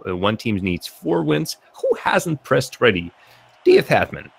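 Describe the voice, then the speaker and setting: A man giving live esports commentary, chatty and quick to laugh, getting excited on big plays. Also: medium pitch, creaky, husky. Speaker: esports caster.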